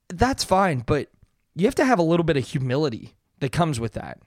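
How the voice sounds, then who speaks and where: A man's voice: on the high side, very animated, brisk, dry recording, clean studio sound. A man in his thirties hosting a casual solo podcast, talking earnestly in a rambling way with many fillers and restarts. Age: 30s. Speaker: podcast host.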